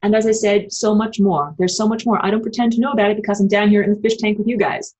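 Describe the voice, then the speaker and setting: Husky woman ranting emphatically. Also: mid-range voice, steady tone, quick pace, darkish tone. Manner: emphatic, profane, rambling. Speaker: spiritual vlogger. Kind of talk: livestream monologue answering viewer comments.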